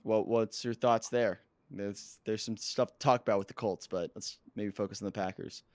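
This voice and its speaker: Hoarse male co-host, an excitable sports fan, with a dry, close sound. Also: fairly low pitch, moderate pace, dry recording. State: hoarse, lost his voice. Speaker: podcast co-host; coach. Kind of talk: casual sports chat.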